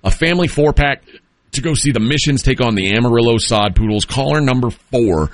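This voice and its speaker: A man's voice: mid-range voice, fast, no room sound. Guy hosting morning sports radio, jokes around while reading stuff out. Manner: jokey, reads aloud with asides. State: has the hiccups. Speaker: radio show host. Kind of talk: casual morning radio banter.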